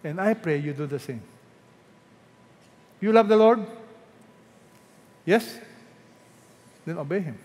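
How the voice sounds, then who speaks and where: A man preaching a sermon, asking the congregation questions and swinging between loud emphatic peaks and hushed, drawn-out quotes. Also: on the high side, lively intonation. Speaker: pastor. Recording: hall reverb.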